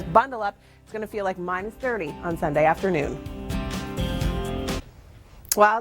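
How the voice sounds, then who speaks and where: A woman presenting the TV weather forecast in an upbeat, chatty way, leaning on key words. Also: medium pitch. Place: TV studio.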